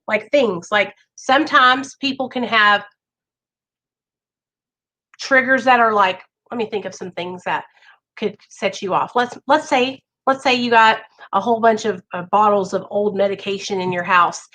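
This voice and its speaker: A woman speaks straight to her viewers with a bright, forceful tone and a slightly high voice. She coaches in a chatty, earnest way, sprinkling in "like" and checking in with "okay?" as she goes. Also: low-quality recording. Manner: chatty, with many "like" fillers. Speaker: vlogger sharing recovery advice. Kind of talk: casual advice talk to camera.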